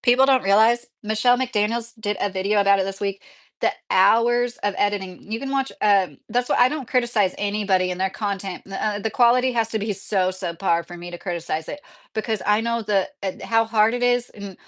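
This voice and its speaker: A woman's voice: medium pitch, fairly quick. A woman live streaming from home, chatting casually, reading out chat messages and laughing often. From Kentucky, USA.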